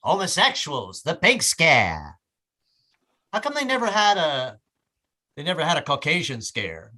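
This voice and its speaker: A man doing a stand-up comedy set on a club stage, stammering through restarts and hitting his punchlines loudly. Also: medium pitch. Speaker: stand-up comic.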